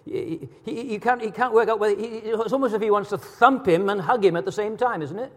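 A man's voice: high-pitched, fairly quick, long reverb tail. A man preaching a sermon, asking rhetorical questions and building to emphatic peaks.

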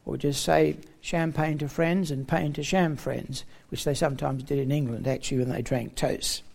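A man delivers a Bible teaching sermon, walking through a passage and explaining it point by point. His voice sits a little high and has a gravelly, creaky edge. He stresses key words with emphatic rising tones. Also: steady tone, moderate pace, darkish tone. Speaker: preacher.

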